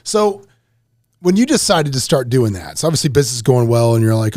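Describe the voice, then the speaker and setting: A man hosting a podcast whose voice swings up and down with lively expression. He asks eager questions in a dry, close-up sound. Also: medium pitch, a little fast, no room sound. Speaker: podcast host. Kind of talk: casual interview chat.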